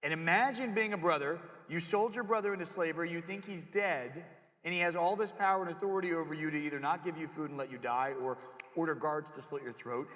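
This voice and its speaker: A young man giving a jokey, animated chapel sermon to middle schoolers, often acting out voices as he goes. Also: on the high side, quick pace. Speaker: youth pastor. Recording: echoey hall with long reverb.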